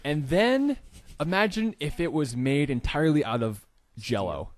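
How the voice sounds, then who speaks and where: A man's voice: fairly high pitch, animated, moderate pace, dry recording, studio quality. A man from Indiana co-hosting a podcast, telling an improvised story in a rambling, hesitant way with lots of fillers. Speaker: podcast co-host.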